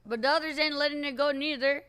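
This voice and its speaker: A woman plays a stubborn frontier woman in a western roleplay game, high-pitched and bright. She drawls in folksy rural grammar and teases. She is blunt and nosy. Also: steady tone, quick pace. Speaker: roleplay player.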